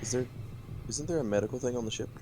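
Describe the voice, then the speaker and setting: A man playing a tabletop role-playing game, tossing in quick offhand remarks. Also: mid-range voice, mellow, soft background music. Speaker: player. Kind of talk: casual tabletop role-play chat.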